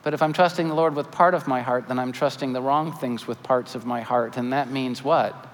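A man in his forties preaching a sermon as pastor, animated with joking asides and earnest appeals. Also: medium pitch, brisk, a little hiss or hum. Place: church sanctuary. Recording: church hall reverb, faint ambience.

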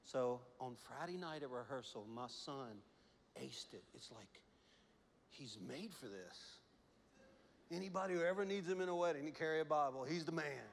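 A male pastor in a church, preaching in a somewhat high voice. He tells stories animatedly, laughing often, swinging between hushed asides and loud exhortation. A long reverb hangs in the room. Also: moderate pace, vocal fry, a little hiss or hum. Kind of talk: sermon.

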